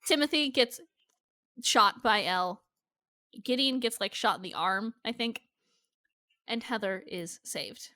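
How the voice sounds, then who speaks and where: A woman's voice: a little high, measured pace, long pauses, pushed and bright. A woman co-hosting a podcast, talking bluntly and swearing freely as she recaps a TV episode. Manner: blunt, profane, emphatic. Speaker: podcast co-host. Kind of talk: casual chat recapping a TV show.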